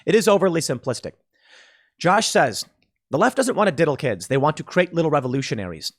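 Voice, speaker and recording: A man's voice: fairly high pitch, big pitch swings, fairly quick. A man from Chicago hosting a solo commentary show, talking in a loose conversational way with frequent restarts.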